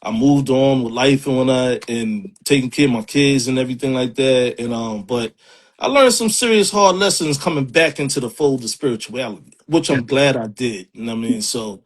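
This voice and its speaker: Husky streetwise New York man. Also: mid-range voice, normal speed. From Harlem, New York. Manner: streetwise slang, animated, laughs often. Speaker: poet. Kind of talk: casual interview.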